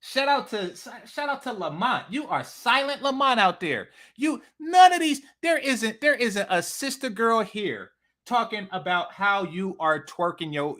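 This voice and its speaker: A man's voice: high voice, expressive, measured pace, pushed and bright. A man hosting a reaction commentary, mocking and repetitive with plenty of profanity. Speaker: commentary channel host.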